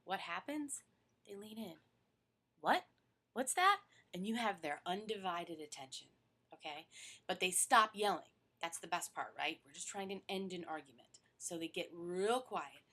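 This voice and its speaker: A woman stress therapist giving advice to camera in an animated way, often dropping to a soft near-whisper to demonstrate. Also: on the low side, moderate pace. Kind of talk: instructional talk to camera.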